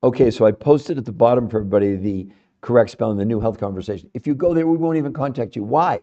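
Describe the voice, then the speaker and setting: A middle-aged man hosting a live stream, speaking fiercely and insistently, sometimes dropping into quiet asides. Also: medium pitch, quick pace. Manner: fiery and insistent, often trailing off into quiet asides. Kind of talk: energetic live-stream pitch. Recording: dull lo-fi live-stream audio.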